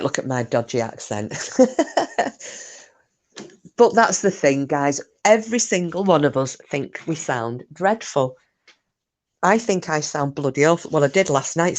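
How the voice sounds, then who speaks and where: Scottish woman, low voice, livestream host, chatty, teasing, reads chat aloud. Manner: chatty and teasing, mild swearing. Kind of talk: casual livestream chat reading comments aloud.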